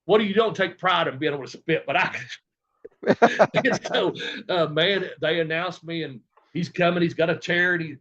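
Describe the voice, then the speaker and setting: A man's voice: fairly high pitch, moderate pace, fairly bright tone. A man guesting on an interview, telling rambling, profane anecdotes with laughs along the way. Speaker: guest, former wrestler. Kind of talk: casual storytelling interview. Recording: dull lo-fi sound.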